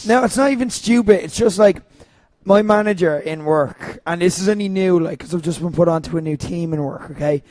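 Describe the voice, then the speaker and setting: A man's voice: high voice, a little fast, darkish tone, no echo, studio quality. A man co-hosting a podcast, telling stories with a giggly, anxious manner. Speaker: podcast co-host. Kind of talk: casual chat.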